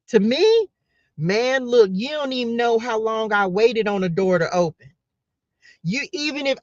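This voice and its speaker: A woman's voice: fairly high pitch, darkish tone, no room sound. A woman hosting a spiritual live stream, talking with passion and repeating her points as she calls out to her listeners. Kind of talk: fervent preacher-like live-stream pep talk. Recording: dull, dry lo-fi sound.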